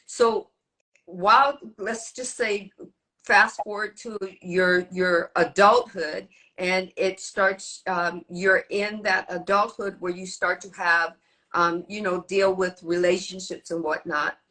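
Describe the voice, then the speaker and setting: A woman in a casual podcast conversation. She explains her ideas haltingly and restarts phrases as she searches for words. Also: lowish voice, fairly even intonation, pushed and bright, low-quality recording. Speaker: podcast guest.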